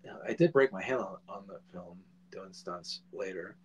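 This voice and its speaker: A man in his forties, a filmmaker guest, telling a casual anecdote in an animated way and swearing freely. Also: deep voice, moderate pace, lo-fi sound, a little hiss or hum.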